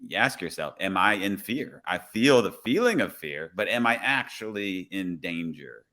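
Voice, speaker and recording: A man who is a police officer, a guest on a podcast, telling a story in a relaxed way and acting out the dialogue. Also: sits low, moderate pace. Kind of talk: casual podcast conversation, storytelling.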